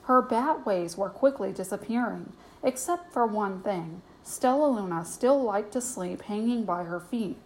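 A woman reads a children's picture book aloud in a gentle, even storytelling manner. Her pitch sits in the middle range for a woman. Faint noise lies under the recording. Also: measured pace, hardly any pauses, poor audio. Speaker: storybook reader, host. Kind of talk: bedtime storybook reading.

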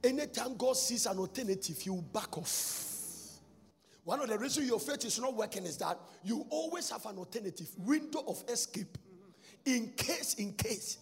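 A man preaching a sermon in a church, swinging between shouted and sung phrases and repeating lines for emphasis. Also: very high-pitched, animated, normal speed, vocal fry. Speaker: pastor. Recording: long reverb, faint music behind.

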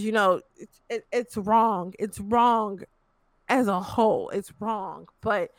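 A young woman rants in casual conversation, blunt and profane. Her voice is bright and forceful. The recording is close and dry. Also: on the high side, no echo. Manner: blunt, profane, exasperated ranting. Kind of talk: casual ranting chat.

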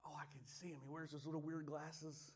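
Middle-aged male pastor, high voice, chatty sermon storyteller. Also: flat delivery, brisk. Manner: chatty and storytelling, rising to loud exuberant preaching.

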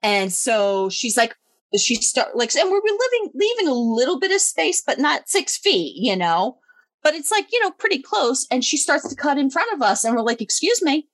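Profane, animated woman telling a story. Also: sits high, moderate pace, no echo. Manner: animated, swears freely, laughs mid-story. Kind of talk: casual storytelling chat.

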